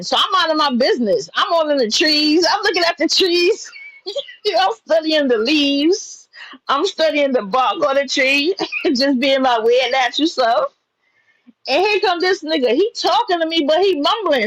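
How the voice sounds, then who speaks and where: A young woman from New York telling a personal story in a casual, profane, animated way, laughing as she goes. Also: sits high, rough recording.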